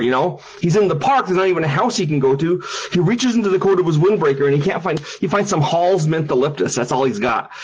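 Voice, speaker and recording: Guy on his stream telling spooky stories, bit husky, does all the sound effects. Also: fairly high pitch. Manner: animated storyteller, acting out sounds and voices. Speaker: game designer and streamer. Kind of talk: casual storytelling on a stream. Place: his house.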